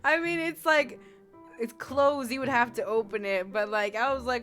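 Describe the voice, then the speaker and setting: A woman's voice: on the high side, moderate pace, fairly bright tone. A young woman in her twenties chatting casually while streaming a game, giggly and rambling with many fillers. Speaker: streamer playing a game and reading chat. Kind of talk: casual let's-play chat. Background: faint game music.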